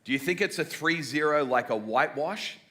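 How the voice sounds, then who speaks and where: A man's voice: a little high, brisk. A man in his forties with a mixed Australian and American accent, opening a church sermon with jokes and banter aimed at the congregation. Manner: energetic, joking, talks directly to the room. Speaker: guest preacher. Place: church service before a congregation.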